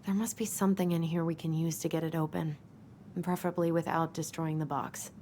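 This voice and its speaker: An actress playing a twin sister in a video game, talking in a calm, conversational way. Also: female voice, deep voice, brisk, a little hiss or hum, lightly acted.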